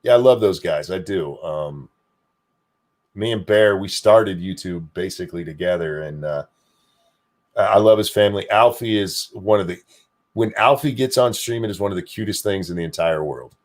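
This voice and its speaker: An older man hosts a casual streamed talk show in a low-pitched voice at normal speed. He's animated and profane, swearing freely and cracking self-deprecating jokes as he chats.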